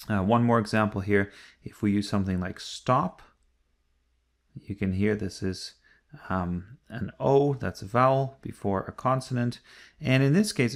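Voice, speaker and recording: A man teaching an English grammar lesson, explaining patiently step by step and repeating key points. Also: fairly low pitch.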